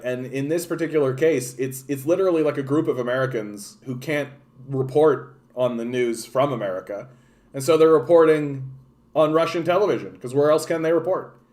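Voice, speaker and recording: A man's voice: mid-range voice, a little mellow. A Canadian man with a Canadian accent, hosting a podcast with rambling, profane, sarcastic political commentary. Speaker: podcast host.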